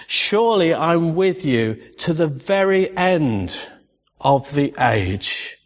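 A man preaching a sermon as pastor, impassioned, rising to loud exclamations and sometimes emotional. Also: fairly high pitch. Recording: dull lo-fi sound with long reverb.

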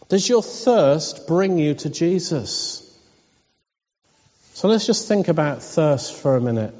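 A high-voiced pastor preaches to his church, mixing earnest pleading questions with soft laughs. His voice is mellow and warm, and it carries with a long reverb through a church hall on a dull, lo-fi recording. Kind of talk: sermon.

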